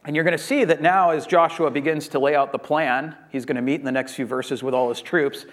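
A man with a slightly higher voice than most delivers a Sunday sermon. He talks it through conversationally, paraphrasing the scripture story in everyday words as though chatting with his congregation. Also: fairly even intonation, a little fast, a bit bright. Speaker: pastor.

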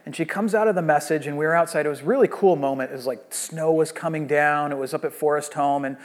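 A man's voice: fairly high pitch, fast talker. Man preaching a storytelling sermon. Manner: conversational storytelling with many restarts. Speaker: pastor.

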